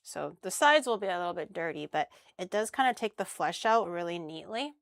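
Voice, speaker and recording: A woman's voice: fairly low pitch, lively intonation, a little fast, dry recording, studio quality. A young woman streaming as she cooks, chatting casually with crude jokes and easy swearing. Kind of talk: casual cooking stream chat.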